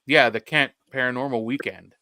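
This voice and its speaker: A man's voice: mid-range voice, fairly even intonation, moderate pace, crowd noise. A man in a casual podcast chat, easygoing, laughing along and backing up others with short replies. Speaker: podcast co-host.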